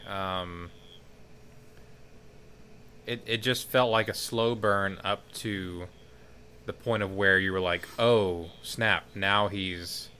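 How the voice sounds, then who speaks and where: A man's voice: fairly low pitch, fairly even intonation, slow, pauses often, bright, forceful tone, slight background noise. A man co-hosting a casual podcast, chatting about a film in a laid-back, agreeable way. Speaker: podcast co-host. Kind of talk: casual movie review chat.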